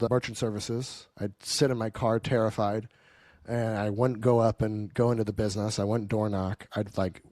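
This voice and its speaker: A man's voice: fairly low pitch, darkish tone, no room sound. A man leading a live sales training, telling his own story in a blunt, casual, profane way and checking in with the audience.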